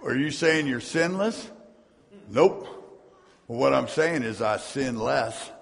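A man's voice: mid-range voice, animated, takes it slowly, gravelly. A man preaching a sermon as pastor, reading scripture aloud and tossing asides to his congregation in a church sanctuary. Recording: long hall reverb.

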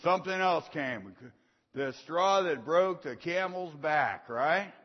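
Male pastor, folksy call-and-response preaching, slightly high voice, dull recording with long hall reverb. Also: lively intonation, measured pace. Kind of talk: sermon.

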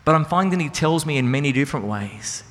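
With music playing behind him in a reverberant hall, this man preaches earnestly and conversationally, asking his audience rhetorical questions. He is a Christian speaker and singer whose slightly high, fairly bright voice moves quickly and animatedly.

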